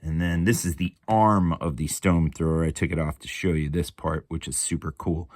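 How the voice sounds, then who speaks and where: A man's voice: a bass voice, fairly even intonation, normal speed, darkish tone, no room sound, studio quality. A man in his forties giving a casual, chatty show-and-tell from his home hobby room, laid-back and swearing freely. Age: 40s. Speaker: miniature hobby channel host.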